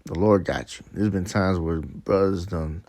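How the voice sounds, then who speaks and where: A man's voice: low-pitched, measured pace, a little mellow, no room sound. A man giving a profane, emphatic, casual preaching monologue on scripture and street life, quoting verses between stories. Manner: profane, emphatic, laughs at his own stories.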